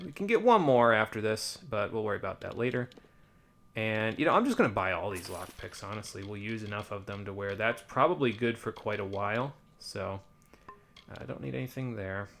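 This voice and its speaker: A man's voice: medium pitch, creaky, a bit bright. A man giving casual, rambling commentary while playing a video game, with wry muttered asides. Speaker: let's play streamer.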